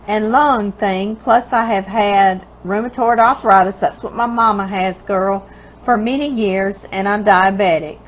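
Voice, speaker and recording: In a fairly high, fairly bright voice, a woman with a Louisiana Southern accent hosts a home cooking show from her kitchen. She reads viewer mail aloud tenderly and emotionally, laughing often and calling listeners "girl." The low-quality recording carries a faint hiss or hum.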